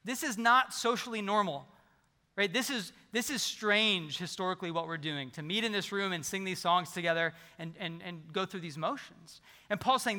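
Bright-voiced pastor preaching in a reverberant church. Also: male voice, high-pitched, moderate pace. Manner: animated, conversational preaching with humor. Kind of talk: sermon. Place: large church sanctuary. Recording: long hall reverb.

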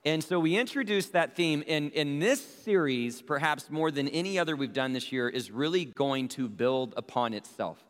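A man's voice: a little high, moderate pace, hardly any pauses. A man who is a pastor, praying and then giving church announcements in an earnest manner with frequent "uh" fillers. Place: church sanctuary. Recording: reverberant church hall with soft music.

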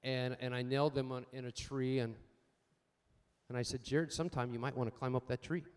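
An older man preaching a sermon, swinging between loud emphatic points and quiet personal stories, calling out for amens. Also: medium pitch, flat delivery, fairly quick, clear, resonant tone. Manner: asks the congregation for amens. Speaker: pastor.

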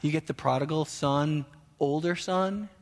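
Man preaching, high lively voice, conversational, long hall reverb. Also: measured pace. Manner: animated, conversational, frequent rhetorical questions. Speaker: pastor. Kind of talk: sermon.

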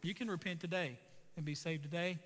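A man's voice: fairly high pitch, a little fast, a bit bright, big-room sound. A man preaching a sermon as pastor, emphatic and repetitive, pressing each point home.

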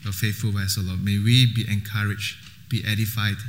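A man's voice: lowish voice, little pitch movement, brisk, long reverb tail, slight background noise. A man leading a short spoken prayer in church, hesitant with ums. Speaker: congregation member leading prayer.

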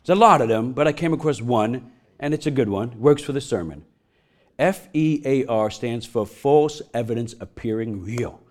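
A middle-aged man preaching a sermon, telling a funny personal story, laughing often and getting loud as he acts it out. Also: mid-range voice, lively intonation, normal speed. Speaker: pastor.

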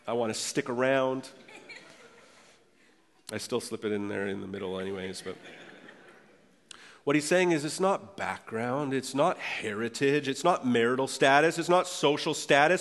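A man preaching a sermon as pastor, earnest and emphatic, slowing down to stress key phrases. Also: medium pitch, a bit bright. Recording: long reverb of a church hall.

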